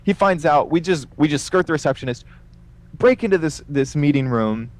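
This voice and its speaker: A man casually telling a story as a podcast guest, animated and full of fillers, acting out the voices of the people in it. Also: on the high side, moderate pace. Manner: animated, acts out quoted voices, many fillers.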